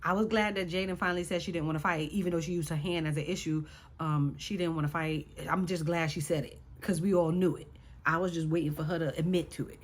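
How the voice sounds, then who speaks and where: A woman's voice: sits low, steady tone, fast talker. A woman recapping a reality show in casual chat, sassy and exasperated as she talks to her viewers.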